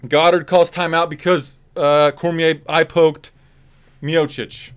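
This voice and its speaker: A man giving casual play-by-play fight commentary on a live stream, quick and loose with fillers and restarts. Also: on the high side, little pitch movement, clear, resonant tone.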